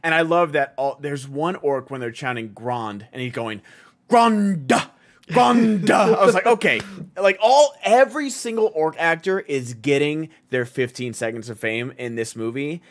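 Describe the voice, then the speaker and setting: A man's voice: mid-range voice, moderate pace, hardly any pauses. Chatty man rambling with filler words. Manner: rambling, filler-heavy, excited. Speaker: podcast co-host. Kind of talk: casual chat.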